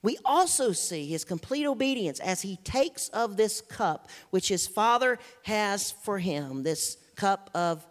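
A pastor preaching a sermon, pausing dramatically and slowing down to stress key words. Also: mid-range voice, animated, long reverb tail.

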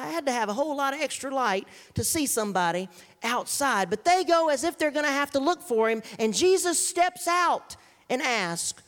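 Pastor preaching in a big echoey church, drawn-out pauses for emphasis. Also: mid-range voice. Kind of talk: sermon.

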